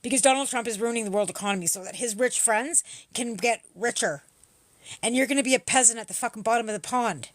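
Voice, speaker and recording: A woman's voice: a little high, fast talker, dry recording. A woman hosting a livestream, arguing with commenters in a combative, profane, mocking manner. She is from Canada. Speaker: livestream host. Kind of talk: livestream chat replying to comments.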